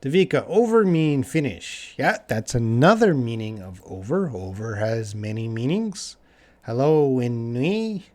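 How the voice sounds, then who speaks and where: A young man from Canada teaching English live, answering chat questions casually and repeating phrases slowly for learners. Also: medium pitch, very animated, darkish tone.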